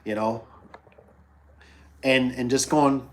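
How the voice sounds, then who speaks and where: A man's voice: mid-range voice, normal speed. A middle-aged man who runs a business, chatting casually on a livestream, rambling through stories, repeating phrases and acting out the people he quotes. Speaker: business owner hosting a livestream.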